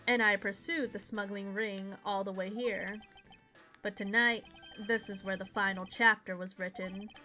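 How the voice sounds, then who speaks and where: Proud stern male agent, terse lines read by a woman, bright voice, light game music under it. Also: mid-range voice, steady tone, unhurried. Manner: reading game dialogue aloud.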